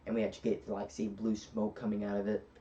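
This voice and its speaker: A man's voice: on the low side, completely flat delivery, quick pace, dark tone, slight background noise. A man giving a casual film review, retelling scenes in a rambling way with many fillers. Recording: distant, dull lo-fi recording.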